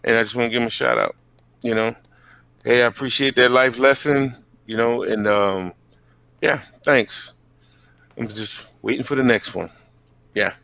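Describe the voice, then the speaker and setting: A man, podcast co-host, chatting casually and relaxed. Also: mid-range voice, moderate pace, gravelly, pauses often. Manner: relaxed, short affirmations. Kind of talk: casual chat.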